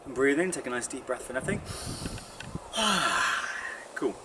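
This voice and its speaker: A young man leading a guided vocal warm-up, chatty and encouraging. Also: medium pitch, quick pace. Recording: distant mic with audible noise.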